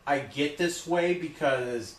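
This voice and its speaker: A man talking loudly in an emphatic, repetitive rant, often checking in with "okay?". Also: fairly high pitch, slow pace, echoey room. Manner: loud, repetitive, emphatic, keeps saying okay. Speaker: vlogger. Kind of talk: ranting monologue to camera.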